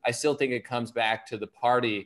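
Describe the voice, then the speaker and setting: Man, comedian guest, mid-pitched, earnest and explanatory. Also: steady tone, a little fast, fairly bright tone. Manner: earnest, explanatory, with casual fillers. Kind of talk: casual conversation.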